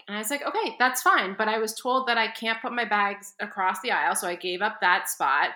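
Animated storytelling woman, bright voice. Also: fairly high pitch, fairly quick, hardly any pauses, reverberant. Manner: animated, quotes people with exaggerated voices. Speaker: podcast co-host. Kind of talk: casual storytelling.

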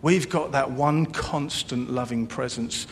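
A man preaching a sermon as pastor, earnest, with a repetitive cadence. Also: a little slow. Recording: long reverb, faint rumble.

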